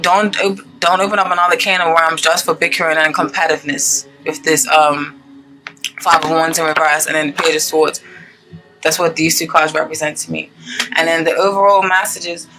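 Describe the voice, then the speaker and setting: A woman's voice: lowish voice, bright, forceful tone, low-quality recording. A woman giving a casual tarot reading to her viewers, chatty and gushing, checking in with "okay?" often. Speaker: tarot reader.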